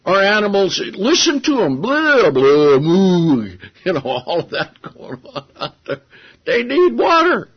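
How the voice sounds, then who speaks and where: A man preaching a sermon, telling stories with animated voices for the people he quotes. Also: high-pitched, normal speed, breathy edge. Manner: animated storytelling, acting out quotes. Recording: dull lo-fi sound.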